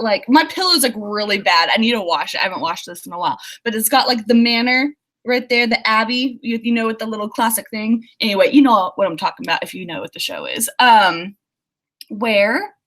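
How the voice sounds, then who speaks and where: A woman's voice: fairly high pitch, a bit bright. A young woman, an author, chatting casually and giggling as she reads viewer comments during a livestream. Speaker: author hosting a writing livestream.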